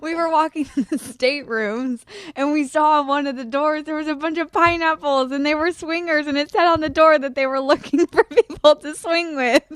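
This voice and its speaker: Female co-host, bright higher voice, laughing storyteller. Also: moderate pace, no echo. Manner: giggly, animated storyteller. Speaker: radio show co-host. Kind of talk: casual chat.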